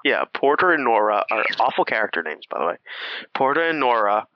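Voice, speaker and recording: A man's voice: medium pitch, sing-song, a little fast, no room sound. A man co-hosting a podcast in casual chat, joking and rambling with frequent laughter. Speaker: podcast co-host. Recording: slightly dull lo-fi sound.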